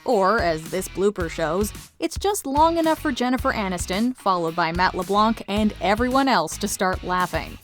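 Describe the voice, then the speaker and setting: A woman's voice: medium pitch, expressive, normal speed, few pauses. A woman reading scripted voice-over narration for a countdown video, upbeat and playful. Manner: upbeat, playful list-show delivery. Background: faint music.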